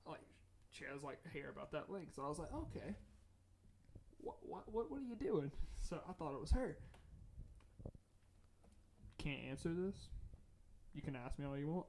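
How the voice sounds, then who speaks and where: A young man from North Carolina, co-hosting a podcast and telling a rambling, animated ghost story with lots of restarts. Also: a little high, vocal fry, slight background noise. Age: young adult. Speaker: podcast co-host. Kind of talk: casual chat, storytelling.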